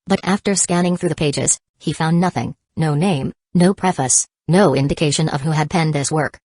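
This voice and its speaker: A woman narrates an audiobook in a steady, even reading voice. Her pitch sits low for a woman. The sound is dry and close, with no room echo. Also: moderate pace. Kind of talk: scripted narration.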